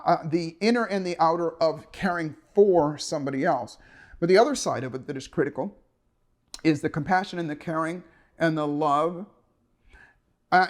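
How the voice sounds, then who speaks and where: A man giving an earnest motivational talk to the camera, often restarting and repeating his phrases. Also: on the high side. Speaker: motivational speaker.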